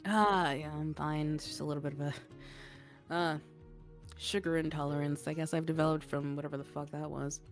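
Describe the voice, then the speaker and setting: A woman voicing a brash, foul-mouthed female tavern keeper who swears freely and jokes loudly. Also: sits low, steady tone, a little fast, faint music behind, pitched below the performer's own voice. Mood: joking. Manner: loud, swearing, boastful.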